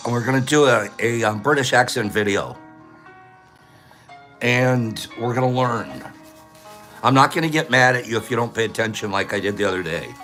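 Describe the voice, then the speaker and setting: A man's voice: lowish voice, a bit bright. A man hosting a live stream in a casual, playful way, greeting viewers by name and teasing them. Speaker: livestream host.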